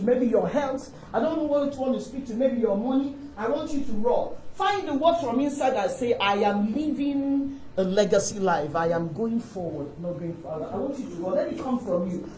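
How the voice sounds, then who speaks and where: A woman giving a rousing inspirational sermon to an audience, building to loud, repeated calls. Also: on the high side. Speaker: motivational speaker. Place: large hall before an audience. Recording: roomy hall with faint ambience.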